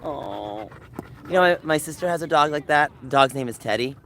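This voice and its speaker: A man's voice: fairly high pitch, lively intonation, moderate pace, vocal fry, background noise. Chatty man streaming from a dog park. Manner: chatty, gushing and playful. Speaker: livestreamer. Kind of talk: casual live stream chat.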